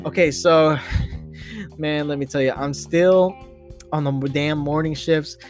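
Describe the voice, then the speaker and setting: A high-pitched man hosts a podcast, spinning an improvised story in a rambling, self-amused manner. He stumbles and restarts often. Faint music sits behind him. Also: steady tone, slow pace. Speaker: podcast host.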